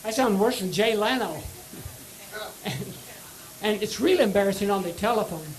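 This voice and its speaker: An older man with a high, squeaky voice from voice surgery, doing a stand-up comedy set with dry, self-mocking jokes and wry pauses. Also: expressive, rough recording. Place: comedy club stage before a live audience. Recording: live club recording with audience laughter.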